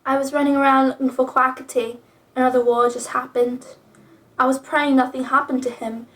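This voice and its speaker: A woman's voice: sits high, little pitch movement, fairly quick, a bit bright. A young woman reading old fanfiction aloud with profane, snarky commentary. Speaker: video creator reading fanfiction.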